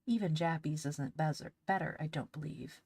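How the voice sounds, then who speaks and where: Steady older boy, matter-of-fact, low-pitched, as a woman reads him, dry sound. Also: normal speed, gravelly, husky, no room sound, full character voice. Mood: plain.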